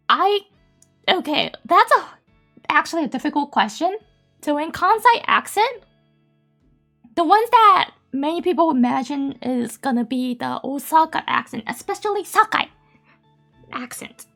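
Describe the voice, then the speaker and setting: A woman's voice: extremely high pitch, animated, a little slow, pauses often, bright, forceful tone, soft background music. A woman from Japan, a native Japanese speaker with a Japanese accent, chatting casually on a live stream and reading out viewer messages in a giggly, cutesy way.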